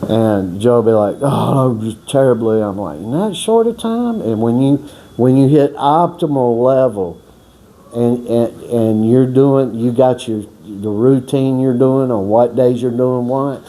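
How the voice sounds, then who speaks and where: A man's voice: mid-range voice, unhurried, mellow. A man casually telling a long, rambling story with folksy, profane talk and many restarts. He acts out other people's words as he goes. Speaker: storyteller on a boxing workout channel.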